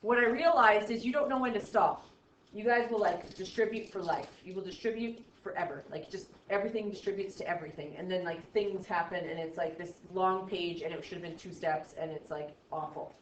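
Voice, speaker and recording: A woman's voice: mid-range voice, brisk, a little hiss or hum. A woman teaching a math class in a classroom, playful and jokey, with exaggerated asides. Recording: echoey classroom, dull lo-fi sound.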